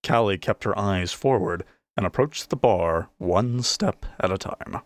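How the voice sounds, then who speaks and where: A man narrating a fantasy audiobook with expressive storytelling. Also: low-pitched, unhurried, no echo.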